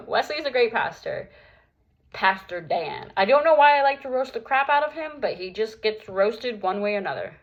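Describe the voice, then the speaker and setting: A woman's voice: on the high side, animated, moderate pace, lo-fi sound. A young adult woman talking candidly and earnestly to her viewers in a personal vlog, with plenty of casual fillers. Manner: earnest, open, lots of "like" fillers. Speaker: vlogger.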